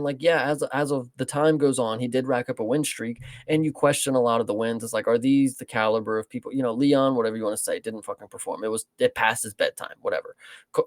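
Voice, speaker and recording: A man's voice: mid-range voice, no echo, clean studio sound. A man co-hosting a casual show breaking down fights, rambling and swearing freely. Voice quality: gravelly, profane, rambling. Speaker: co-host.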